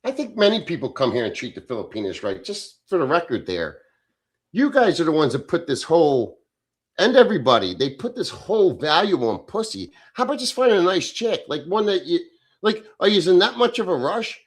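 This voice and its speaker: A man's voice: fairly high pitch, sing-song, fairly quick. A middle-aged man hosting a casual livestream, reading chat and answering in a blunt, profane, off-the-cuff way.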